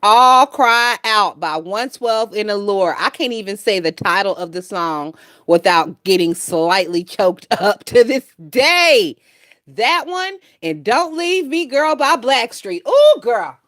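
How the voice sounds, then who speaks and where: A woman's voice: mid-range voice, lively intonation, takes it slowly, a bit bright, no room sound, studio quality. A woman hosting a gossip channel, talking bluntly and with lots of swearing and laughter. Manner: blunt, profane, laughs often. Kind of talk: casual commentary.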